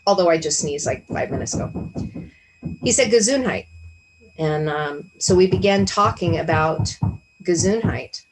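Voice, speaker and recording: A woman's voice: lowish voice, moderate pace, noisy background. A woman hosting a spiritual discussion on a video call, talking earnestly and reflectively, often asking herself questions aloud. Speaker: Bible study discussion host. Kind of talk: casual spiritual teaching over a video call.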